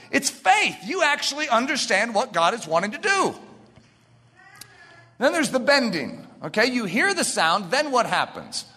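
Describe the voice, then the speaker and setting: Impassioned high-voiced male preacher. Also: husky. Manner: impassioned preaching, building to shouts. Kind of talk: sermon. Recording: reverberant hall.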